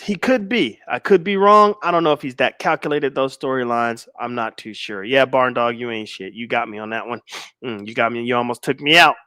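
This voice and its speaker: A man's voice: mid-range voice, pushed and bright, clean tone, dry recording, studio quality. Man in his forties hosting a chatty livestream. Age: 40s. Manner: slow, emphatic stress on key lines; laid-back banter with viewers. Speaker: livestream host. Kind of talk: livestream talk, reading chat comments.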